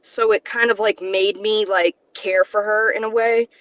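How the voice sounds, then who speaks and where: Shaky woman from south carolina talking from her car, halting, nervous little laughs, dull muffled call sound. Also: medium pitch, steady tone, a bit bright, dry recording. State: shaky, close to tears. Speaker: guest. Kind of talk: emotional personal testimony.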